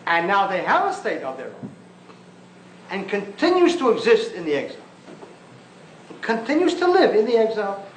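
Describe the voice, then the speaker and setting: Male rabbi, high lively voice, emphatic and scornful, lecturing in a roomy hall; old archival lecture recording. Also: normal speed, long pauses, slight background noise. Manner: emphatic, mocking, rhetorical questions. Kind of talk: impassioned public lecture.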